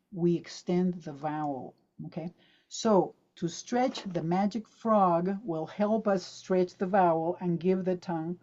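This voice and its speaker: A woman leads an online pronunciation lesson with a mellow, warm voice. She drills sample words aloud and fires questions at her listeners to keep them with her. Her sound comes over a dull, lo-fi video call line. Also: on the low side. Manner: lively, demonstrative, drills words aloud and quizzes the audience. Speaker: pronunciation teacher presenting to teachers. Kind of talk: online teaching talk.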